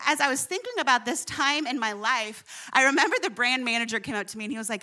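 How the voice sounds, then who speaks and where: A woman pastor preaching with a high, bright voice. She tells funny personal stories and throws asides to the congregation in a lively, animated way. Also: fast talker, hardly any pauses. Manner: animated, humorous storytelling with asides to the audience.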